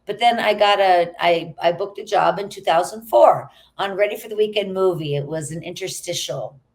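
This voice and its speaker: A middle-aged actress chatting as a guest in an interview, telling stories in an animated way. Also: female voice, on the low side, normal speed. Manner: chatty, animated storytelling with quoted asides. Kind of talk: casual interview chat.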